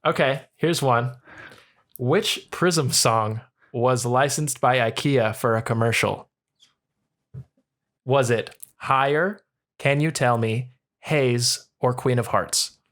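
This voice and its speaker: A man's voice: mid-range voice, slow pace, fairly bright tone. A young man co-hosting a podcast from home over a voice call, reading quiz questions and chatting loosely with casual swearing. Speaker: podcast co-host. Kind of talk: casual chat, quiz host. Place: home room, remote call. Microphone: voice call over internet.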